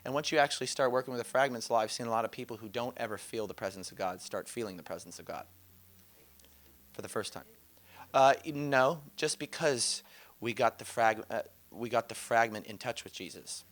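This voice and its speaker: A man teaching about inner healing in a casual, conversational way, telling animated stories and laughing often. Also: medium pitch, fairly quick. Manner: animated storytelling, quotes others, laughs often.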